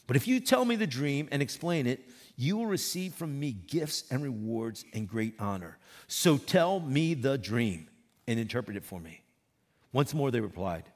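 A man preaching a sermon, reading scripture aloud and retelling it with emphatic repetition. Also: mid-range voice. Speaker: pastor.

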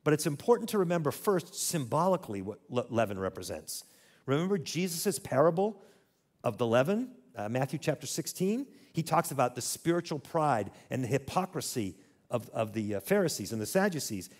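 A man's voice: mid-range voice, sing-song, fairly quick, a little mellow. A man teaching a church audience in a conversational way, asking them to repeat words after him. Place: church hall.

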